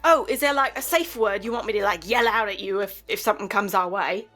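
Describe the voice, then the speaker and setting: A woman's voice: medium pitch, fairly quick, bright, forceful tone, faint music behind. A woman voicing a sassy talking mare who likes carrots and stays polite. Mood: eager. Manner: chatty and mock-indignant.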